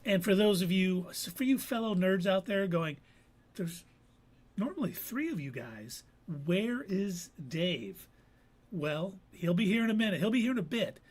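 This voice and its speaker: Man, co-host, casual chat, a bit higher voice, playful puns. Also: lively intonation, a little slow. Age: adult veteran. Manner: playful, punning recap of a TV episode.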